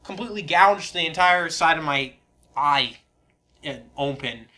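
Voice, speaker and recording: A man's voice: on the high side, lively intonation, unhurried, pushed and bright. A young man co-hosting a casual podcast, telling stories animatedly and laughing often. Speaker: podcast co-host. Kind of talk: casual storytelling chat.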